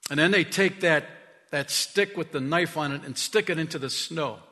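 A man preaching a sermon as pastor, telling stories with emphasis, dropping to a hush and rising to loud calls. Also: a little high, moderate pace, in a large hall. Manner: emphatic storytelling preacher, swinging from hushed to loud. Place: church sanctuary. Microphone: stage mic.

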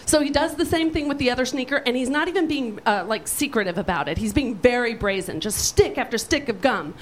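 A woman telling a profane, animated comic story on stage, brash and lively. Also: a little high, brisk, a little hiss or hum, rough recording. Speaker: storyteller guest.

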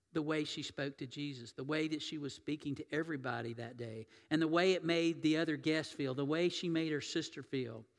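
A pastor delivers a sermon in a church sanctuary, his voice fairly high and fairly bright. He's conversational, asking the congregation questions, and the recording carries the long reverb of a church hall.

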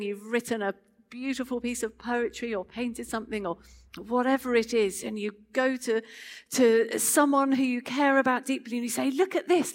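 Expressive woman preaching a sermon. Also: fairly high pitch. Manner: expressive and conversational. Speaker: speaker.

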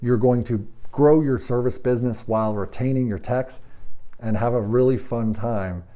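A man's voice: mid-range voice, moderate pace, warm tone. Emphatic man coaching service managers. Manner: emphatic, rhetorical questions, acts out quoted dialogue. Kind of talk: training talk to shop managers.

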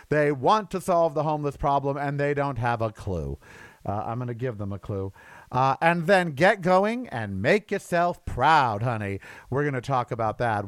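A man's voice: on the high side, no echo. A man in his sixties hosting a casual solo podcast, chatty and campy, laughing at his own stories. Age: 60s. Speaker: podcast host.

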